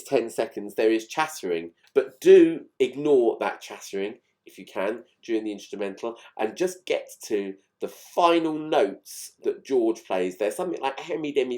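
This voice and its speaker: A man's voice: mid-range voice, a little mellow. A man chatting through fine recording details of old songs in a casual, enthused, explanatory way. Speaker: music channel host.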